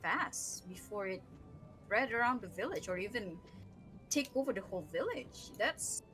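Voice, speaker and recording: A woman player in a tabletop role-playing game, speaking slowly. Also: mid-range voice, expressive, fairly bright tone, faint music behind.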